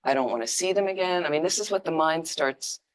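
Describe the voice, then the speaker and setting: A woman giving an informal, conversational dharma teaching with emphatic, lively asides. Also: low-pitched, fast. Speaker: Buddhist teacher.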